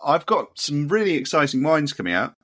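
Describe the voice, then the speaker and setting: Easygoing man with a bright voice. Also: on the high side, sing-song, brisk. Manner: easygoing, rambling, many ums. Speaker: winemaker and podcast co-host. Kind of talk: casual banter.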